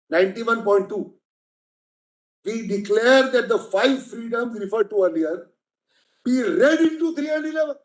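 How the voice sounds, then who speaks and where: A man with an Indian English accent arguing a case before judges in court, emphatic and persistently addressing the bench as my lord. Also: extremely high pitch. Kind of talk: courtroom legal argument. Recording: echoey courtroom.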